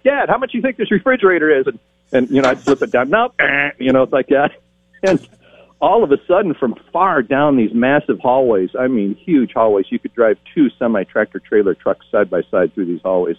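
A middle-aged game show announcer tells stories in an interview, animatedly acting out the voices of the people he quotes. His voice is medium in pitch, with no echo, and it comes through a tinny, phone-like line.

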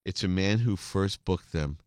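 A middle-aged man hosting a podcast interview, telling stories in a lively way and dropping into accents. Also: low-pitched, measured pace, no echo. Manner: animated storyteller, slips into accents. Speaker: podcast host. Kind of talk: casual interview chat.

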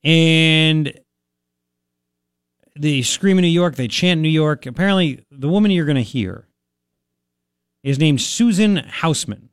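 A man hosting a talk radio show, mocking and sarcastic, with animated outbursts. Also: a little high, a little slow, long pauses, smooth, no room sound, clean studio sound.

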